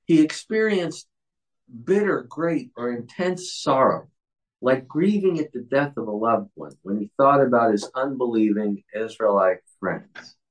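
A man's voice: mid-range voice, lively intonation, measured pace, poor audio. A man leading a Bible study, explaining a passage in an earnest way with frequent restarts.

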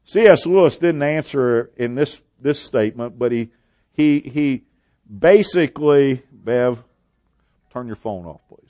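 Slow-preaching man, dry close sound. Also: medium pitch, darkish tone, no echo. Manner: measured preaching with hesitant restarts. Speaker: pastor. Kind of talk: sermon.

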